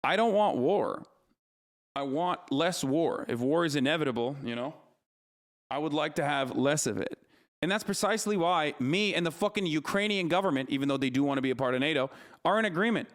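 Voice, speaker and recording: Male streamer, 30s, slightly high voice, heated profane reaction rant. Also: animated, fairly quick.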